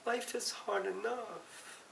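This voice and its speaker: A middle-aged woman giving a halting, emotional personal confession, close to tears and often correcting herself. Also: medium pitch, steady tone, gravelly, a bit bright. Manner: halting, tearful, self-correcting. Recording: roomy, distant mic, faint hiss.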